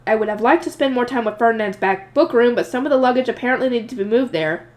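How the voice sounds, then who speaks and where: A woman's voice: a little high, quick pace, a little mellow. A woman reading a light novel aloud with a slightly nasal voice, breaking off into chatty, emotional asides. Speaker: audiobook reader.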